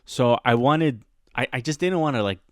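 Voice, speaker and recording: Podcast host, male, casual animated storyteller, laughs a lot, mid-pitched voice, dry close sound. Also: normal speed, dry recording. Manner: animated, laughs often, acts out quoted voices. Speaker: teacher.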